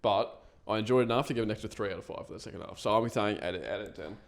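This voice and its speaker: Man chatting loosely on a podcast, low voice. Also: rapid-fire, vocal fry. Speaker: podcast co-host. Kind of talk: casual film review chat.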